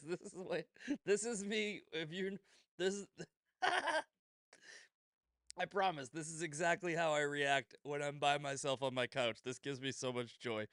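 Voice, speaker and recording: A man's voice: a little high, normal speed, fairly bright tone, no echo. A man hosting a casual commentary show in a slightly raised voice, recorded dry and close. He is sarcastic and swears a lot. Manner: laughing, profane, sarcastic. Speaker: host.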